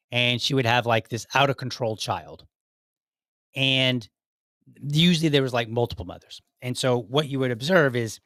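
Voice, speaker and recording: Brief: male podcast host, mid-pitched, rambling solo commentary, dry close sound. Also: no echo. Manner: rambling, self-correcting, many fillers. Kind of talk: casual commentary monologue.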